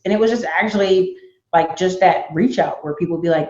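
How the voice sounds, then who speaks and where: A woman guest telling stories in a casual interview, animated and acting out the voices of people she quotes. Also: on the low side, fairly quick, roomy sound, muffled recording. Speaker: guest, YouTuber and entrepreneur.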